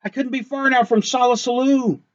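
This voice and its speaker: A man with a high voice reads a rhyming picture book aloud, bouncing along the rhythm in a lively sing-song. The recording sounds dull and lo-fi, with the top end rolled off. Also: moderate pace. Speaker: reader.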